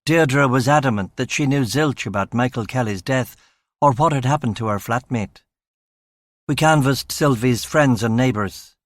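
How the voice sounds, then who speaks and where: Measured male audiobook narrator, dry sound. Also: mid-range voice, no echo. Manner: measured, dry, matter-of-fact. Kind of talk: scripted first-person audiobook narration.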